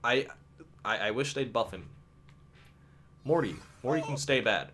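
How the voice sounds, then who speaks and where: A man's voice: medium pitch, measured pace, noisy background. A young man talking casually about games in a vlog, swearing freely and stumbling over restarts. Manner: animated, profane, stumbling restarts. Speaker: gaming video creator. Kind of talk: casual gaming vlog commentary.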